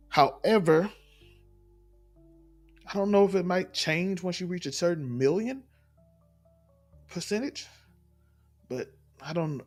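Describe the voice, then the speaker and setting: A man's voice: a little high, darkish tone. A man from Mississippi, delivering an emphatic, rambling opinion monologue and repeating his points. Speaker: commentator in clip.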